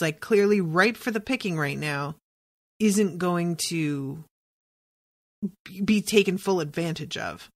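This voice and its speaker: A woman's voice: fairly low pitch, a bit bright. A woman hosting a podcast, recapping a TV episode in casual, profane chat and thinking aloud with lots of "like"s.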